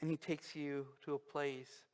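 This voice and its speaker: A male pastor preaching a sermon, slow and emphatic, with dramatic pauses and quiet drops. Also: fairly high pitch, level tone, clean tone. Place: church sanctuary. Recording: long reverb of a church hall.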